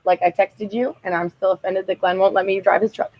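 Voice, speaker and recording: A woman's voice: medium pitch, level tone, fairly quick, highs cut off. A woman telling personal stories in a blunt, rambling and profane casual monologue.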